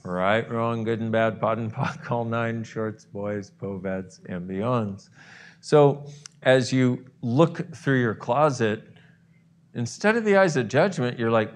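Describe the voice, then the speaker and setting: A man leading a guided visualization, acting out loud gasps and exclamations between softer stretches. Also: medium pitch, slow. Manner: animated, acts out exclamations and gasps, swings from soft to loud.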